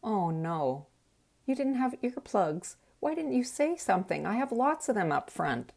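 A woman's voice: medium pitch, sing-song, a little slow, vocal fry, darkish tone, pitched above the performer's own voice, heavily acted. A woman voicing her partner, an exasperated father scolding his kids from the driver's seat. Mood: concerned. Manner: pleading, scolding.

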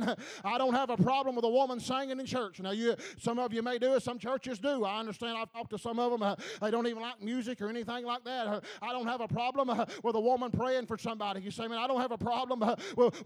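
Guy preaching a sermon, really high voice, keeps laughing and going "can you say man", lots of uhs. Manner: fervent, repeats calls to the congregation, laughs between lines; halting, many filler sounds.

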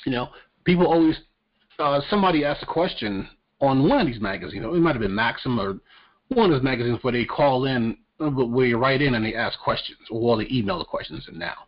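A man hosting a podcast rants about the news in crude, profane terms and jokes as he goes. His voice sits at an ordinary middle pitch. The recording is dull and lo-fi. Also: animated, fairly quick. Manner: crude, profane, joking rant. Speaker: podcast host. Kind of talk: casual political commentary. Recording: dull lo-fi audio.

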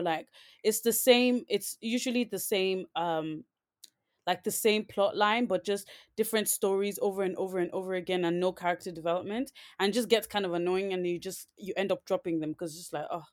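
A woman's voice: fairly low pitch, fairly even intonation, brisk. A woman co-hosting a podcast, chatting casually and rambling, with many "like"s and restarts. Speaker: podcast co-host. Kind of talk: casual chat.

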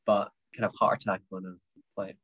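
Relaxed man, casual travel chat, lower voice, dull lo-fi recording. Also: fairly quick. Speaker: podcast co-host.

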